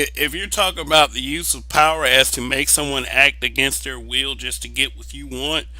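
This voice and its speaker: A young man rants bluntly in a casual opinion monologue, swearing freely and doubling up words when he drives a point home. His voice sits a little high and cuts through with a hard, bright edge. The sound is dry and close, with no room around it. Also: dry recording, poor audio. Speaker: vlogger giving opinions.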